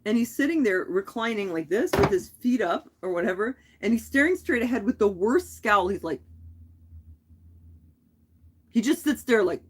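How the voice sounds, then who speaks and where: A woman vlogger talking casually on a live stream, telling a story in a rambling, animated way with frequent restarts. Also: on the high side, normal speed, long pauses, slightly rough. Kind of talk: casual chat.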